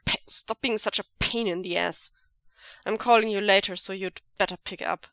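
Woman voicing a gruff, clipped young man. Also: mid-range voice, steady tone, moderate pace, a bit bright, no room sound, natural voice. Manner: clipped, brusque and scolding.

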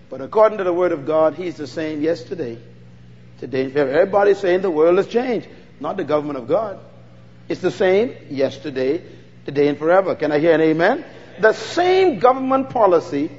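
A man's voice: high-pitched, long reverb tail, highs cut off. A Bahamian man preaching a fervent sermon, calling out to the congregation for responses.

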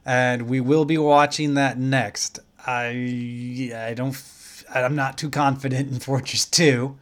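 Relaxed man co-hosting a film podcast. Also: medium pitch, takes it slowly. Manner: relaxed, wraps up the episode. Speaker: podcast co-host. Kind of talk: casual chat.

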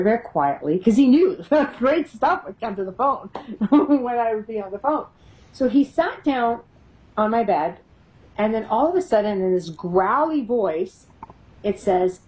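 A middle-aged woman, a paranormal investigator, spins animated stories in an interview, laughing often and slipping into the voices of the people she quotes. She speaks at an ordinary pitch for a woman. The recording sounds a little muffled. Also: normal speed, slight background noise. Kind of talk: casual storytelling in an interview.

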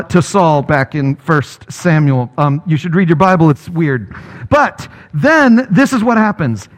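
Male pastor, high and animated, muffled through a mask, casual storytelling sermon. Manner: lively storytelling, paraphrasing characters in casual speech. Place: church worship gathering.

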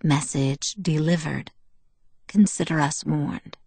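A woman voicing a hushed, guarded teen vampire. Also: deep voice, slow, gravelly, breathy edge, no room sound, exaggerated voice. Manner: murmured, hushed and even. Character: soft-spoken teenage male vampire, calm and guarded.

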